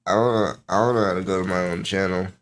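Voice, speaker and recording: A young man streaming late at night, rambling and joking with himself in a tired, low voice that keeps getting sidetracked. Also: fairly even intonation, quick pace. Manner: rambling, self-mocking, easily sidetracked. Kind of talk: casual solo stream chat.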